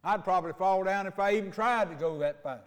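An older man preaching a folksy sermon, telling homespun stories and slowing down for emphasis. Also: high-pitched, long reverb tail. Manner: homespun storytelling, slows for emphasis. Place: church sanctuary. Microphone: mic.

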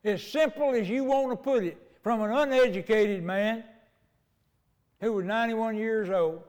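A man's voice: high-pitched, normal speed, a little mellow, big-room sound. An older man preaching a sermon as pastor, telling homespun stories in a folksy way.

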